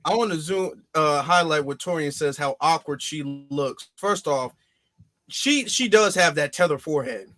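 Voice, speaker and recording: A man hosting a casual online talk show, mocking and animated as he comments. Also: a little high, moderate pace. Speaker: podcast host. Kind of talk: casual chat.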